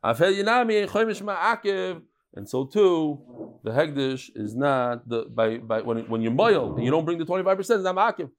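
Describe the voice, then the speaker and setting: A man teaching a daily Talmud class, lively and joking, telling stories and mixing Hebrew and Yiddish terms into English. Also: fairly high pitch, moderate pace.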